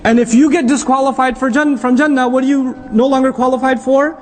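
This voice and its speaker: A middle-aged man giving an animated religious lecture as an Islamic teacher, often quizzing his audience. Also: extremely high pitch, a little fast.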